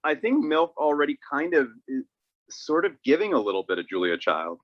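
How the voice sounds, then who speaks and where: A man co-hosting a casual chat, explaining things in a halting way and often repeating his words. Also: fairly high pitch, sing-song, dry recording. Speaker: podcast co-host. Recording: dull lo-fi recording.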